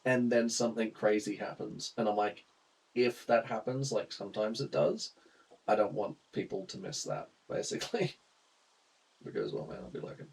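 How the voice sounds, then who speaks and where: A man's voice: on the low side, very animated, normal speed, gravelly, a little mellow, husky, low-quality recording. Chatty Australian man streaming games. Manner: chatty, laughs often, greets chat viewers. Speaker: game streamer. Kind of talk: casual live-stream chat.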